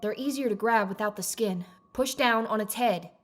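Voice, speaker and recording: A woman's voice: medium pitch, moderate pace, close to an everyday voice. Sarcastic bossy head doctor, female, orders people around, faint music underneath, read by a woman. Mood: commanding. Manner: curt, sarcastic, barking orders. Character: harsh, imperious female chief of medicine. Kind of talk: horror story reading.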